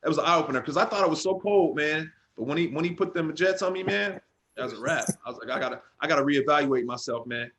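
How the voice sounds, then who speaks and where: A man who is a former football player, telling stories as an interview guest in a relaxed, animated way. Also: on the high side, quick pace, noisy background. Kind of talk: casual storytelling.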